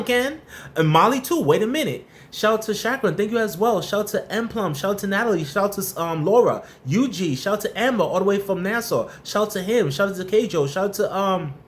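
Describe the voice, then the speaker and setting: A man hosting a live stream, chatting casually, giving viewers shout-outs and blunt, tough-love workplace advice. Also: sits high.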